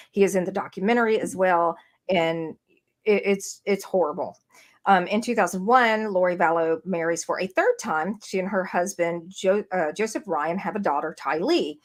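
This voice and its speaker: Chatty woman podcast co-host. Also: mid-range voice. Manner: rambling, many fillers and restarts. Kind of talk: casual true-crime chat. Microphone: streamed podcast mic.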